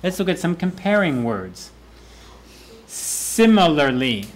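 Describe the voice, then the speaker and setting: A fairly high-voiced male professor lecturing a class on presentation skills. He repeats each key word several times, swinging it up and down to show how it should sound. His tone stays playful and energetic. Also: slow pace. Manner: repeats key words aloud for emphasis, lively and playful. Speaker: university English professor. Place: university classroom.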